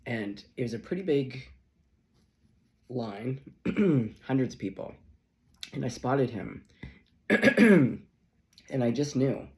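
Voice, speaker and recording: A man's voice: medium pitch, big pitch swings, takes it slowly, pauses often. A man reading tarot who tells a long, rambling personal story in a chatty vlog, swearing casually and laughing often. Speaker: tarot reader.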